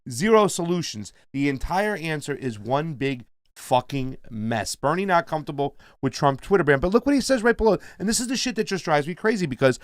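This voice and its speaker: Casual man co-host, slightly high voice. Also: expressive, a little fast, hardly any pauses, no echo, clean studio sound. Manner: casual, reads viewer comments, says fam. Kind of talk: political commentary chat.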